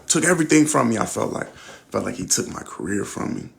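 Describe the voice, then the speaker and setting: A man's voice: lowish voice, expressive, fast, creaky. A young man hosting a podcast, telling a personal story casually, with candid, reflective talk and plenty of swearing. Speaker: podcast host.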